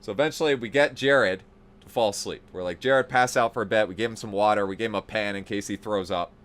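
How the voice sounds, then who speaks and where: Animated, profane male storyteller. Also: on the low side, fast talker. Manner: animated, profane, building to excited outbursts. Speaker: podcast host. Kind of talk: casual storytelling.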